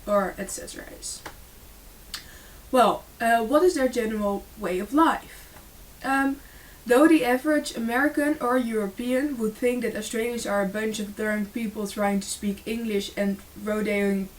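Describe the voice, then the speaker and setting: A woman reading a school presentation aloud, with frequent fillers and small restarts. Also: fairly high pitch. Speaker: student presenter. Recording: distant mic with faint hiss.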